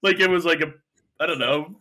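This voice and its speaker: A man's voice: on the high side, a little fast, crowd noise. A man co-hosting a casual sports podcast, laid-back as he reasons through betting lines. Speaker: podcast co-host.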